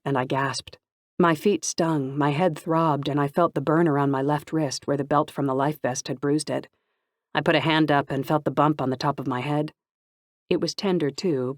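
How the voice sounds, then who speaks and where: An audiobook narrator reads a first-person novel in a steady, even storytelling manner. The voice sits at a middle pitch. The recording is dry and close. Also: dry recording.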